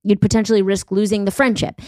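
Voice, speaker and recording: A woman's voice: medium pitch, level tone, a little mellow, no echo. Blunt, profane woman podcast host. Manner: blunt, profane, quick joking banter. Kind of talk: casual podcast chat.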